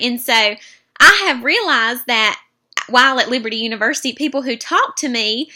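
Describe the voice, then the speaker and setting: Young Southern woman, North Carolina accent, student presenter; bright, slightly high voice, earnest classroom explainer. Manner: earnest, explanatory, checks in with "okay?".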